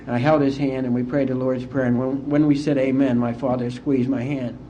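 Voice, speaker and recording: A middle-aged man from West Virginia, speaking as an AA speaker and telling his recovery story to a conference in a heartfelt, unhurried way. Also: mid-range voice, flat delivery, mellow, a little hiss or hum. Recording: dull lo-fi conference tape.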